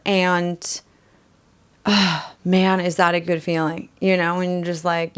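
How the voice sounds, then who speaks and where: A woman's voice: on the low side, fairly even intonation, takes it slowly, clean tone. Young woman in a chatty confessional vlog. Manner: chatty and rambling, many fillers and restarts. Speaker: vlogger and musician. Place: her bedroom.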